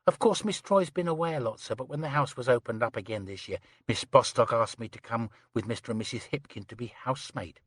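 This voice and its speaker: A man's voice: medium pitch, a little fast, hardly any pauses, breathy edge, no room sound, clean studio sound, close to an everyday voice. A man voicing a chatty, prim young housemaid who rattles on breathlessly, saying "sir" constantly. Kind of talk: audiobook character reading.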